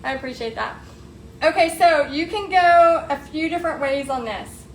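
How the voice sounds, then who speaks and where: An upbeat woman with a high, bright voice chats her way through a live painting lesson. She sounds a little roomy, with an echo off the walls and a faint hiss of noise underneath. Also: normal speed. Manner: upbeat, chatty, talks to viewers as "y'all". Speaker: painting tutorial host. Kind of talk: live painting tutorial, chatty. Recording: echoey room, faint background noise.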